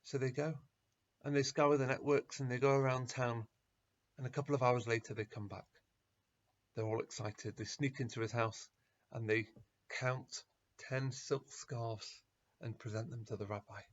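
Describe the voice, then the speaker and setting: A middle-aged man, a rabbi, telling a story at an assembly in an earnest, measured way, on a dull lo-fi recording. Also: mid-range voice, steady tone. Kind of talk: storytelling talk at a school assembly.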